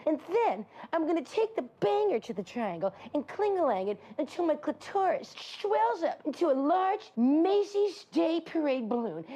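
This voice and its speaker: Woman comic doing a showbiz bit, high voice that jumps all over, belts bits of song. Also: warm tone. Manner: brassy, theatrical, bursts into song. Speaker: comedian. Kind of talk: comic monologue in character.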